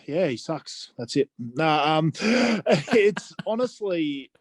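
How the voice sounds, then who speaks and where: A man's voice: a little high, sing-song, slow, no room sound. An Australian man co-hosting a fantasy football podcast, talking casually and hesitantly with frequent restarts. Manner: hesitant, many restarts and "I just think".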